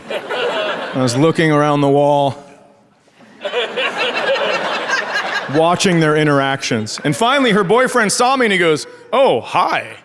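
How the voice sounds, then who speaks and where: Sarcastic stand-up comic, high voice. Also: male voice. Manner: sarcastic storytelling, acts out family dialogue. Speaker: stand-up comedian. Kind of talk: stand-up comedy set. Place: comedy club stage. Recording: live show with crowd laughter. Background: audience laughter.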